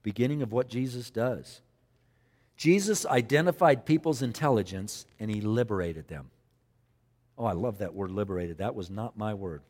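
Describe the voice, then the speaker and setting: A pastor preaches a sermon in a lowish, animated and slightly mellow voice at normal speed, with long hall reverb around him. He dramatically acts out scripture dialogue and repeats phrases for effect.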